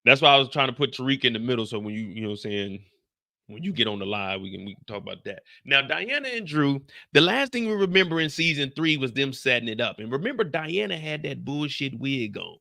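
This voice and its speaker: Dude streaming a show recap, gravelly voice, keeps acting out the characters. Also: male voice, medium pitch, a little fast. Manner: animated storytelling, acts out characters' lines with slang and cursing. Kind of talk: casual live-stream recap.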